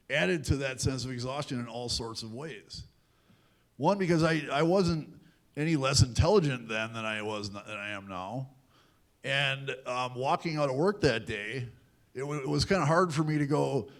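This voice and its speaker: Man telling a candid life story on stage. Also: mid-range voice. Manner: candid, self-deprecating, acts out quoted voices. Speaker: guest speaker at a youth event. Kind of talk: personal storytelling talk. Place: large event hall at a university.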